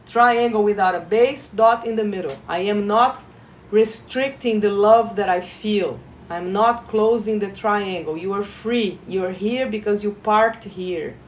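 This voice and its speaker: Slow, soothing woman guiding a healing session. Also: mid-range voice, slight background noise. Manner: slow, soothing guiding voice with bursts of excited laughter. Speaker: reiki practitioner. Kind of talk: live guided energy-healing session. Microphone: phone livestream.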